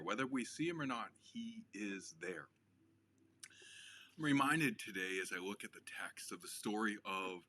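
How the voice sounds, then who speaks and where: A man, a pastor, giving a short devotional sermon in an earnest way. He gets animated when he quotes people and drops to a near whisper to stress a point. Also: on the low side, a little hiss or hum.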